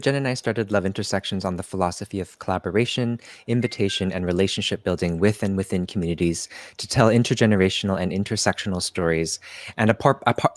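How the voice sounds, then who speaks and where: A man's voice: sits low, dry recording. A man, co-hosting a live talk stream in an eager, casual way with many fillers and self-corrections. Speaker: co-host. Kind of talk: casual chat.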